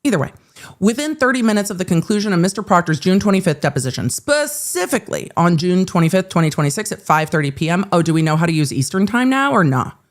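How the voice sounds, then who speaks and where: A woman's voice: lowish voice, big pitch swings, fast talker. A woman hosting a live-streamed legal commentary show, reading court filings aloud and breaking in with sarcastic, exasperated asides.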